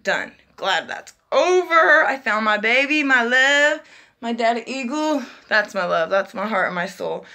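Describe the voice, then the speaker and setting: A young woman tells a personal story in a chatty, animated way, slipping into the voices of the people she quotes. Her voice sits fairly high, with a gravelly fry and a bright, sharp edge. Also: normal speed. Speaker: vlogger. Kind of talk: casual storytelling.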